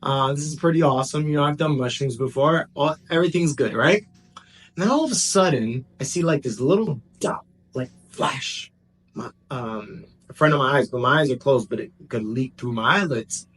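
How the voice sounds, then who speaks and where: A man telling a personal story in a casual, animated way, jumping between excited bursts and hushed asides. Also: mid-range voice, moderate pace. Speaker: vlogger.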